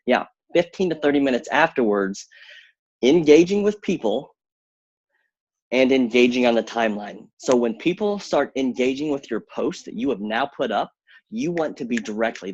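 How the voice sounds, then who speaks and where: A man giving an energetic workshop talk on social media, coaching listeners directly and mimicking his own nervous thoughts in high squeaky voices. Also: slightly rough, dry recording, dull audio. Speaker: workshop speaker.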